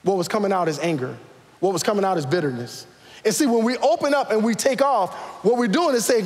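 Animated high-voiced preacher in a hall. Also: male voice, a little fast. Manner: animated, calls out questions to the congregation. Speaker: pastor. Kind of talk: sermon. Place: church sanctuary before a live congregation.

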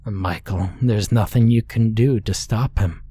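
A man voicing a loving, dying old grandmother who speaks softly and soothingly in a horror story. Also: lowish voice, unhurried, breathy edge. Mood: tender. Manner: soft, tender, soothing.

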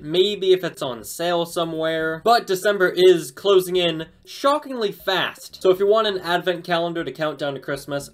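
A man hosting a casual toy unboxing review, talking in an excited, chatty, slangy way. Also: on the high side.

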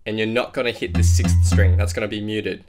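A man's voice: on the low side, brisk. A man giving a step-by-step guitar lesson, explaining chord shapes and counting out strumming patterns beat by beat. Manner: clear step-by-step instruction, counting beats aloud. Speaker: guitar teacher. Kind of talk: guitar tutorial. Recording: loud acoustic guitar under the voice. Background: acoustic guitar playing.

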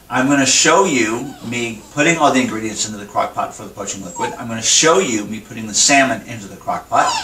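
A man's voice: medium pitch, bright, forceful tone, a little hiss or hum. A man hosts a casual cooking vlog, talking in a candid, rambling way. He sounds some distance from the microphone. The room around him is echoey. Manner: candid, rambling, emotional about his struggles. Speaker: cooking vlogger. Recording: roomy sound from a distant mic.

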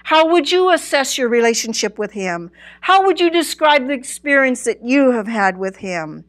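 A woman's voice: high-pitched, animated, moderate pace. Earnest woman teaching a Bible lesson. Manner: earnest, emphatic, swooping between loud and soft; asks listeners direct questions.

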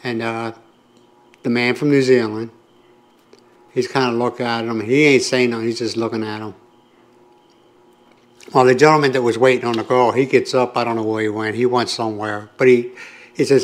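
This older vlogger from the United States talks at normal speed with fairly even intonation, leaving long pauses in his mid-range voice. He tells his audience a long story to camera in a casual, rambling style full of asides.

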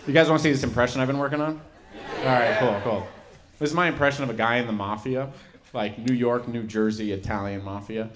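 A young man performing a stand-up set, animated and leaping into high excited voices for the people in his stories. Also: fast talker. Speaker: stand-up comedian. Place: comedy venue. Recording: loud laughing crowd.

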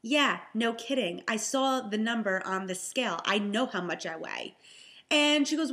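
Chatty high-voiced pregnant woman. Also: normal speed. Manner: chatty, animated, exasperated storytelling. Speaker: vlogger, health and fitness coach. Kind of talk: casual storytelling vlog.

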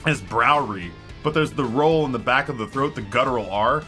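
A man's voice: mid-range voice, quick pace, fairly bright tone, faint music behind. An American man streaming, chatting casually with his viewers in a rambling way, often stopping and restarting his sentences. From United States. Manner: rambling, self-interrupting with many restarts.

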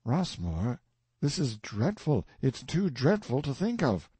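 A man's voice: medium pitch, wildly swooping pitch, slow, mellow, breathy edge, dry recording, exaggerated voice. A man reading the part of an anxious, easily alarmed companion in an audiobook, speaking plaintively. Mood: anxious pleading. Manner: pleading, plaintive.

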